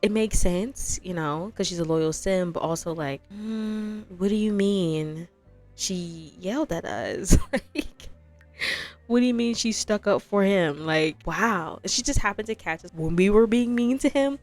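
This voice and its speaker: A woman's voice: medium pitch, expressive, unhurried, darkish tone, soft background music. A woman giving chatty, sassy commentary over a game playthrough, with dramatic asides to the viewers. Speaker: gaming video creator.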